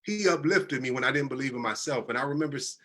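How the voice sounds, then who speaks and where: A man in his thirties recounts a personal turning point in an earnest, conversational way. His voice is bright and forward, and he keeps slipping into the voices of the people in his story. He sounds teary-eyed and moved. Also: medium pitch, fast. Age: 30s. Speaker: guest telling his life story.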